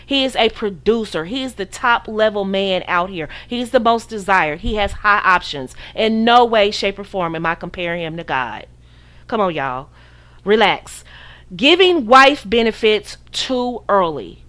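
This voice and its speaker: A woman's voice: medium pitch, animated, unhurried, a bit bright. A woman from the United States hosting a podcast, giving casual dating advice in a preachy, sassy way and acting out her listeners' voices. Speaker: podcast host.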